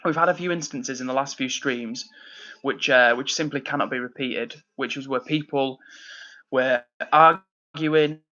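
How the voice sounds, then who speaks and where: A man, from near Manchester, hosting a casual livestream from indoors at home. He reads out chat messages and answers them in a friendly, upbeat way, with plenty of fillers and shout-outs. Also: mid-range voice, a little slow, highs cut off. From England, near Manchester. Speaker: livestream host reading chat.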